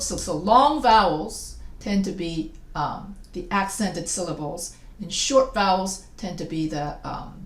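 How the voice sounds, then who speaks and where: A woman giving a recorded lecture as a teacher, casual and self-deprecating, often restarting her sentences. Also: medium pitch. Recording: echoey room.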